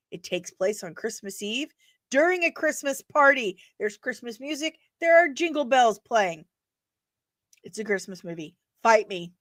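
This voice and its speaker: A woman hosting a casual live stream, chatting playfully with sudden bursts of loud energy. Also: on the high side, no echo, studio quality.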